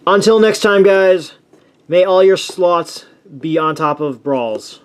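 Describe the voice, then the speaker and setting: Male toy reviewer, slightly high voice, upbeat, rambles through casual commentary. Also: slow, clear, resonant tone. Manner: enthusiastic, rambling with frequent restarts and fillers.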